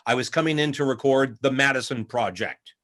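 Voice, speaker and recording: A man, a voice actor guest in a casual interview, telling lively stories and slipping into voices. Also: mid-range voice, brisk. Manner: lively anecdotal, acts out voices mid-story.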